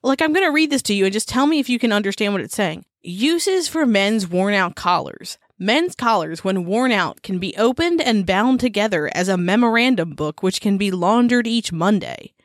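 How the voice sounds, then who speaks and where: A woman co-hosts a casual podcast, reading from an old book and breaking into wry comments and laughter. Her voice moves a lot in pitch. The sound is dry and close to the mic. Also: normal speed, few pauses, no echo. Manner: animated, laughing, wry asides while reading. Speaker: podcast co-host.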